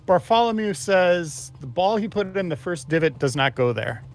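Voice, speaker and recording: A man with a somewhat high voice chats on a game livestream and passes along what viewers are saying. He talks in an easygoing, dryly amused way. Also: lively intonation, moderate pace, soft background music. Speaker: co-host reading chat. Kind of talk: casual livestream chat.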